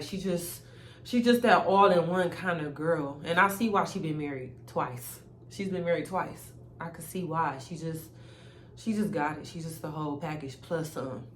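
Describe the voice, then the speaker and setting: A woman's voice: fairly low pitch, a bit bright, a little hiss or hum. A woman vlogger telling a story in a candid, slangy and emphatic way, chatting casually beside a fire. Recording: roomy echo.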